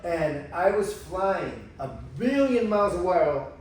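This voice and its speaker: A man telling a personal story in a casual conversation, animated and emotional, acting out the voices of others. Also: high-pitched, unhurried. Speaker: guest telling his spiritual experiences. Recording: echoey room, far from mic, faint noise.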